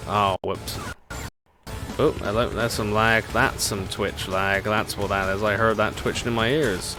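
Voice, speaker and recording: This is live gameplay chat: a man with a somewhat low voice talks his way through a racing-game stream, chuckling at his own jokes. He keeps a measured pace and fairly even intonation while game music plays clearly from his home setup.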